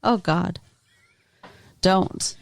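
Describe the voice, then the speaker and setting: A woman's voice: lowish voice, fairly even intonation, drawn-out words, gravelly, dry recording. A woman co-hosting a podcast in casual chat, blunt and incredulous, swearing freely. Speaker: podcast co-host.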